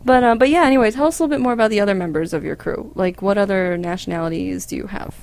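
A woman's voice: mid-range voice, very fast, creaky, darkish tone, a little hiss or hum. A woman hosting a casual community interview, chatty and laughing often. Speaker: radio show host.

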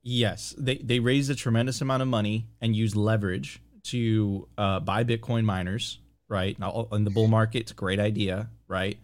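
A man's voice: on the low side, fairly even intonation, moderate pace, few pauses. A man co-hosting a casual finance chat, reading news aloud and laughing in disbelief. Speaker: co-host.

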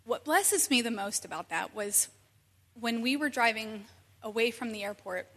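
A woman in her thirties telling a personal story in an animated, conversational way, with many asides. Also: on the high side, normal speed. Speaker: speaker sharing a personal testimony. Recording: long reverb from a hall.

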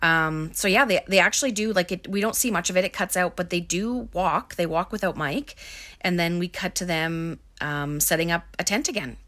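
A woman with a lowish voice recaps a movie in a loose, chatty way. She rambles and fills her sentences with fillers as she goes. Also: moderate pace, a bit bright. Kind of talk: casual film recap.

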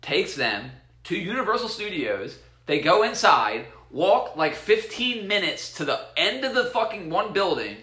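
Animated, bright-voiced storytelling man. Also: measured pace, hardly any pauses, echoey room. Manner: animated storyteller, acts out quotes with loud jumps in pitch, swears freely. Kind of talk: casual chat.

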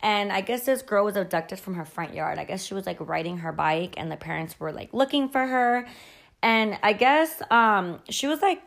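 A woman's voice: medium pitch, expressive, normal speed, creaky, fairly bright tone. A young woman hosting a podcast, telling a childhood story in a casual, chatty way, full of fillers and quoted dialogue, with casual swearing. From Mexican-American family. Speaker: podcast host.

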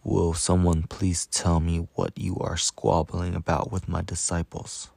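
A man voicing Jesus as a stern, commanding teacher in a storybook reading, in a measured way. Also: low-pitched, monotone, vocal fry, darkish tone, breathy edge, dry recording, heavily acted.

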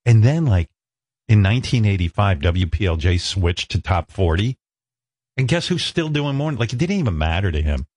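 A man in his sixties from the New York area, a radio host telling stories in an animated, self-mocking, profane way. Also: fairly low pitch, normal speed, husky, no echo. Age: 60s. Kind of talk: casual chat.

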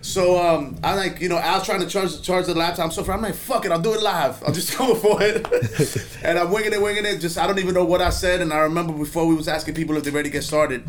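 Animated, profane male storyteller. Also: fairly high pitch, fast, few pauses. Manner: animated, profane, laughs through stories. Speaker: podcast co-host. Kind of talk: casual storytelling chat.

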